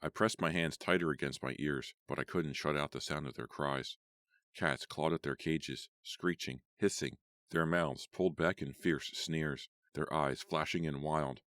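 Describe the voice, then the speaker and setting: Brief: male audiobook reader, extremely low voice, dry close sound, measured telling. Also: fairly even intonation, a bit bright, dry recording. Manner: measured storytelling. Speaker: audiobook narrator. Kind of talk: first-person horror audiobook narration.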